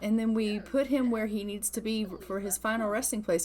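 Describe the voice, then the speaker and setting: A woman narrates her life-sim gameplay in a relaxed, chatty way, retelling what her characters do. Her voice sits at an ordinary middle pitch. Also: normal speed, hardly any pauses. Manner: chatty, retells scenes with "she's like". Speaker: gaming creator. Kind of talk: casual let's-play narration.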